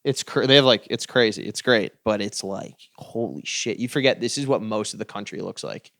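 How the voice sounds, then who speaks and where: A man's voice: lowish voice, fairly quick, gravelly, a bit bright, no room sound, clean studio sound. A man guesting on a comedy podcast, telling stories bluntly and swearing freely. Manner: storytelling, blunt, profane. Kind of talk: casual comedy podcast chat.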